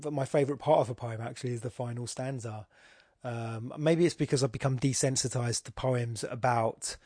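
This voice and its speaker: A man's voice: mid-range voice, mellow, no room sound, clean studio sound. A man hosting a podcast, analysing a poem in a rambling, self-deprecating casual way, with many restarts. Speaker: podcast host.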